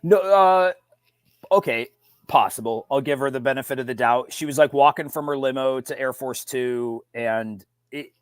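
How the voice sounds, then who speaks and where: A man co-hosting a podcast in casual chat, loose and wry, often trailing off quietly. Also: mid-range voice, moderate pace, smooth, no echo. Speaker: podcast co-host.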